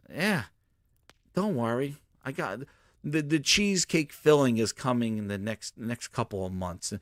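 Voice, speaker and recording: A man hosting a gaming talk show, ranting loudly and profanely and acting out little scenes in his own voice. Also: mid-range voice, animated, a little slow, no echo, clean studio sound. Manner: loud, ranting, profane, acts out bits. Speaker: host. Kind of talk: animated solo gaming commentary.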